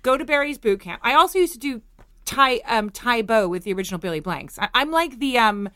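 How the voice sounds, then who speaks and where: A bright, sharp-voiced woman hosting a loose chat. She jumps in with quick, playful jokes. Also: a little high, expressive. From Los Angeles, USA. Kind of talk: casual chat. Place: hotel room.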